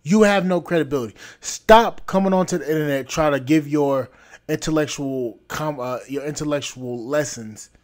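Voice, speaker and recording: Male podcast host, higher-pitched, blunt scolding rant delivery. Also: normal speed. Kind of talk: opinion rant.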